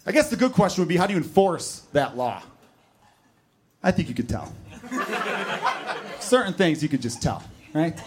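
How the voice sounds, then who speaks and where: A man in his thirties doing a stand-up comedy set, telling stories with animated asides. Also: on the high side, moderate pace, pauses often, a little hiss or hum. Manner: animated storytelling with voiced asides.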